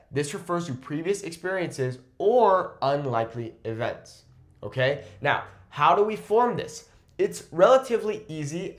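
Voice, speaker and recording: Male language teacher, video lesson, animated delivery, slows down on examples. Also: mid-range voice. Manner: animated, stretches out example words slowly. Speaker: Spanish teacher. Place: lives in Mexico.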